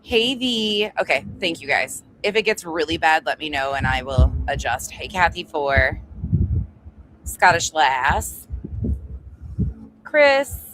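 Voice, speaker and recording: A woman's voice: sits low, big pitch swings, takes it slowly, pauses often, fairly bright tone, poor audio. A woman hosting a casual livestream, chatty and greeting viewers one by one, swearing freely as she talks. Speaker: livestream host. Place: indoors at home. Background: construction noise from upstairs.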